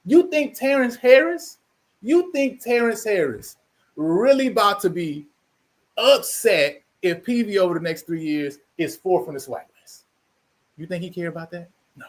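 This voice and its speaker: Guy ranting on his channel, high voice jumping all over, keeps repeating himself. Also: expressive, normal speed. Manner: preachy, emphatic, repeats himself. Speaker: channel host. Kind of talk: animated commentary monologue.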